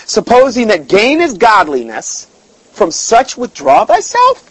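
A man with a high voice delivers a casual, folksy sermon, reading scripture and commenting on it with emphatic asides and frequent repetitions. The recording is close and dry, with no room sound around him. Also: wildly swooping pitch, a little slow, husky, no room sound, poor audio. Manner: folksy, emphatic, repeats words. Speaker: preacher.

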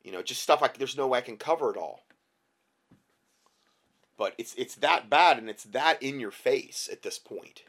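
A male talk-show host with an ordinary, mid-pitched voice addresses his listeners in loose, rambling commentary. He leans on emphasis and often restarts his sentences mid-thought. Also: expressive, moderate pace, pauses often, a bit bright. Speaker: podcast host.

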